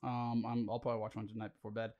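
Relaxed, rambling man. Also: lowish voice, quick pace, muffled recording. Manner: relaxed, rambling, swears casually. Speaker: podcast co-host. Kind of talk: casual chat.

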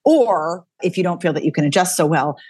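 A woman, a dialect coach talking energetically as a guest, thinking out loud with quick restarts. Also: on the low side, expressive, husky, dry recording, studio quality. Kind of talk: casual interview chat.

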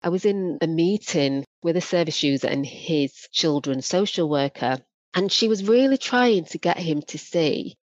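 Low-voiced woman, animated storyteller. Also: moderate pace, dry recording. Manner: animated, acts out quoted voices. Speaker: guest, former probation practitioner. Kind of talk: candid podcast storytelling. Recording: dry, dull lo-fi audio.

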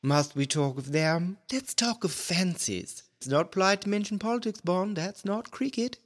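A vain, preening British spy chief, played by a man in a comedy sketch, forever fishing for praise. His posh rolls through a lively, swooping pitch. The delivery stays grand and theatrical. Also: moderate pace. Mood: pompous. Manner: pompous, theatrical, posh upper-class.

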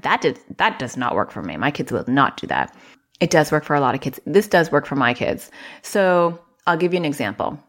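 A woman child therapist hosting a podcast, giving casual advice in a chatty, self-deprecating way and acting out little quotes. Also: deep voice.

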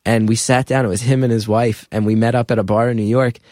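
A man's voice: mid-range voice, quick pace, no echo. Chatty man telling stories, dry close mic. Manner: animated, filler-heavy storytelling with acted quotes. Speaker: comedian guest. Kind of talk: casual storytelling conversation.

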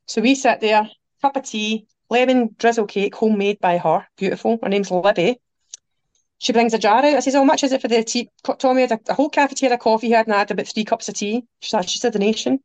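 A woman's voice: a little high, fast, no echo. Chatty Scottish woman telling travel tales. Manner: animated, quotes people, laughs through her stories. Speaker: podcast guest. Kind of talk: anecdotal storytelling chat.

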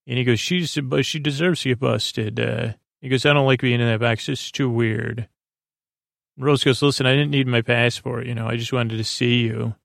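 A man's voice: medium pitch, steady tone, normal speed, creaky, fairly bright tone, no room sound, studio quality. A man hosting a podcast, casually retelling a story in a rambling way with lots of filler words and "he goes, she goes.". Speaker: podcast host. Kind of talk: casual plot recap.

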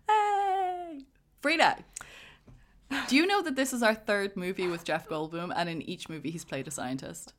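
A woman co-hosts a relaxed movie podcast in a chatty, quick-talking way, laughing often as she goes. Her voice sits a little low for a woman. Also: slight background noise. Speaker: podcast co-host. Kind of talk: casual film discussion.

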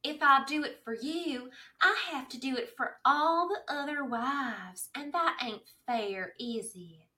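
A prim housewife speaks in a high, drawling voice that refuses to give an inch, as a woman puts her on for a podcast. The tone is bright and sharp. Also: a little slow, recorded from a distance. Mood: stubborn.

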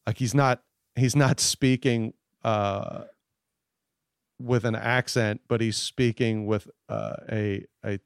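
A man's voice: on the low side, steady tone, takes it slowly, clear, resonant tone, dry recording, clean studio sound. A man talking casually as a podcast guest, rambling with many fillers and restarts. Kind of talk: casual chat.

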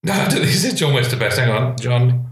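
A playful man chatting casually, throwing in jokes and quick asides. His voice has a middle pitch. The recording has a roomy, echoing sound. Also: animated. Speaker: podcast co-host. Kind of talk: casual chat about old adverts.

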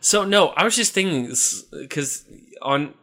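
A man talking casually as the host of a chat, a little higher than average and with a bright, forward tone. He rambles, chuckles, and restarts sentences as his thoughts come together. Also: animated, measured pace. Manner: rambling, chuckling, self-interrupting.

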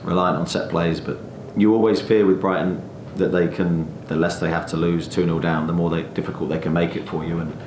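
A football manager analyses the match in a measured post-match interview. His voice is low and flat, and he talks quickly. The room is echoey, with a rumble of noise underneath.

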